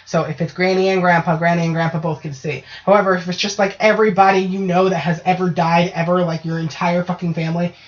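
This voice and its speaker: A woman's voice: fairly low pitch, quick pace, hardly any pauses. A woman hosting a casual podcast, ranting and telling stories with plenty of swearing. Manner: profane, ranting, animated storytelling. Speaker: podcast host. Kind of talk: casual chat. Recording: dull lo-fi podcast audio.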